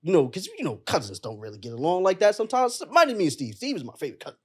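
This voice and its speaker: A man's voice: a little high, very animated, very fast, husky. Earnest young man telling a heartfelt story. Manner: emotional and earnest, calls the listener bro often. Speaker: podcast guest.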